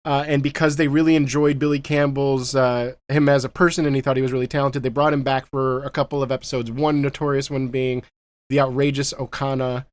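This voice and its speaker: A man hosting a podcast, chatting casually about a movie, animated and quick to laugh. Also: mid-range voice, no room sound. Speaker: podcast host. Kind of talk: casual movie-review chat.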